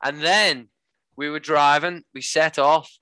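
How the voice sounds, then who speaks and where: A man's voice: on the high side, measured pace, clean tone, no echo. A man co-hosting a podcast, telling jokey stories in casual chat. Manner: animated, jokey, slips into voices. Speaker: podcast co-host. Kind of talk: casual comedic storytelling.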